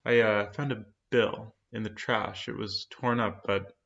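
Soft, earnest and often hushed, this is a tender young woman pleading with the man she loves, read by a man narrating a story. The voice sits low and carries a gravelly edge. The recording sounds dull and lo-fi. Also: steady tone, a little slow.

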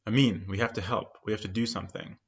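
A man's voice: lowish voice, steady tone, fast talker, creaky, highs cut off. A man reading as an urgent brave young woman.

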